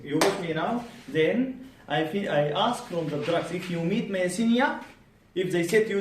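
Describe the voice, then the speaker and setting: Man, clinical tutor, animated questioning, somewhat high voice, distant mic. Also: normal speed. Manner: animated, drilling students with repeated questions. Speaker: medical exam tutor. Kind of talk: bedside clinical teaching. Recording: roomy, distant, faint background hum.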